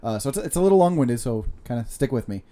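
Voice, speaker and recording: A man's voice: mid-range voice, lively intonation, fast talker, warm tone, slight background noise. Laughing young man rambling through jokes. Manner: laughs a lot, rambling storyteller with restarts. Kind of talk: casual joke-telling chat.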